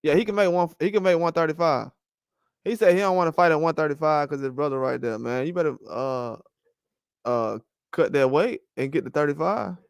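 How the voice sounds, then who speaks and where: Guy doing a boxing stream, high clear voice, animated and rambly, dry room. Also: brisk, no room sound. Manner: animated, rambling trash talk with frequent laughs. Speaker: boxing channel host. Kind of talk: casual boxing commentary livestream.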